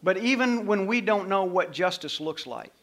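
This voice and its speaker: High-voiced man preaching a sermon. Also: expressive, moderate pace. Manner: storytelling preacher, swings from loud to hushed. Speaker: pastor.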